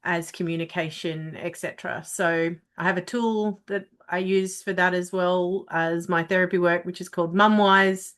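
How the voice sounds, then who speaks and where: A frank, plain-spoken woman with a lowish voice introduces her parenting work on a video call. She talks loosely, with fillers and the odd swear word. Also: steady tone, moderate pace, hardly any pauses, fairly bright tone, clear, resonant tone. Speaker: parenting therapist and ambassador.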